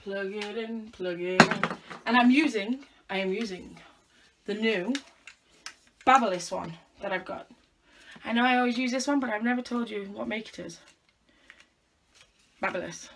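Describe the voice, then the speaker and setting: A woman's voice: fairly high pitch, a bit bright, a little hiss or hum. A young woman chatting casually at home in a vlog, thinking aloud in a self-mocking, chatty way while she styles her hair. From United Kingdom. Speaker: vlogger.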